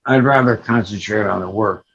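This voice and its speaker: An older man speaks in a gravelly, husky voice, halting and low-key, pausing often as he chats. The audio is dull and lo-fi, like call audio. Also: a bit bright. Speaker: guest actor. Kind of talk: casual interview chat.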